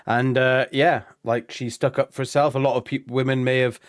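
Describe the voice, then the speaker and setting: A man's voice: medium pitch, flat delivery, normal speed, dry recording, studio quality. Blunt British man hosting reactions. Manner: blunt, chatty, swears freely. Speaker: reaction video co-host. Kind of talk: casual reaction chat.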